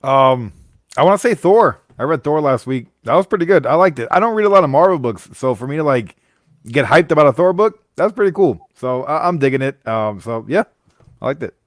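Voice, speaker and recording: A man's voice: on the high side, expressive, fairly quick, no room sound, clean studio sound. A man co-hosting a casual comic book live stream, playful and jokingly defensive. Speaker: comic book show co-host.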